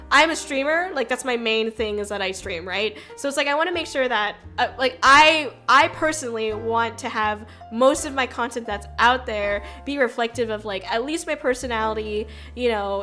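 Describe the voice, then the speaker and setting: A woman's voice: on the high side, bright, forceful tone. A woman streamer talking in a casual, rambling way, full of fillers and restarts, with the odd swear word. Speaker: VTuber streamer. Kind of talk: casual chat.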